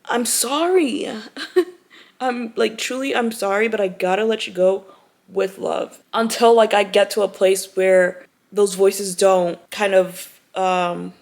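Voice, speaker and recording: A young woman vlogging from home, talking heartfelt and close to tears, with lots of "like" and "you know", then chatty, calling viewers "y'all" and "girl". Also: medium pitch. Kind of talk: emotional personal vlog talk to camera.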